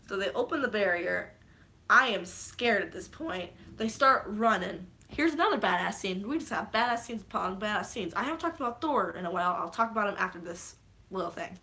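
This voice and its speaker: A young woman excitedly recapping a film in casual talk, swearing often and acting out quoted lines. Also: medium pitch, normal speed. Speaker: vlogger.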